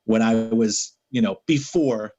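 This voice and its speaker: New man telling a lively story. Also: lowish voice, unhurried, dry recording, lo-fi sound. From New York City. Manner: animated anecdotes, acting out quoted dialogue. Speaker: interview guest. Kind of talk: casual storytelling.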